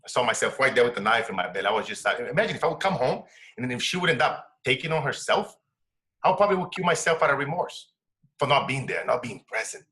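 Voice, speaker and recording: A man's voice: medium pitch, expressive, quick pace, pushed and bright. A middle-aged man from Brazil with a Brazilian Portuguese accent, a success coach telling a personal story in earnest, broken English.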